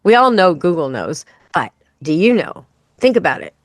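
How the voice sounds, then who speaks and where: A woman's voice: fairly low pitch, very animated, moderate pace, dry recording. A woman hosting a pet radio show, chatting casually and playfully. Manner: chatty, playful, imitates animal sounds. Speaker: podcast host.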